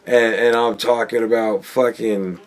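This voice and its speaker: A man's voice: medium pitch, steady tone, measured pace, faint music behind. A man hosting a podcast, ranting casually with rambling, profane asides and frequent chuckles. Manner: rambling, swearing, chuckling often. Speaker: podcast host.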